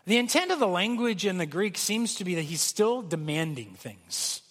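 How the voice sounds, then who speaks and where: A man's voice: sits high, very animated, moderate pace, fairly bright tone, in a large hall. A man preaching a sermon as pastor, earnest, switching into acted quotes of pleading voices.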